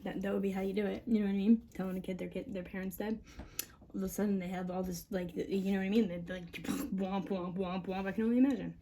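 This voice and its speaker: A woman's voice: mid-range voice, fairly even intonation, quick pace, mellow, a little hiss or hum. A mother venting on camera in a rambling monologue, swearing often, agitated and breaking into laughs between lines.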